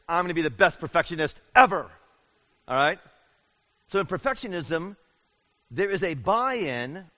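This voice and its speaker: A middle-aged man preaching a sermon in an animated way, acting out the voices he quotes. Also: a little high. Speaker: pastor. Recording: dull lo-fi sound.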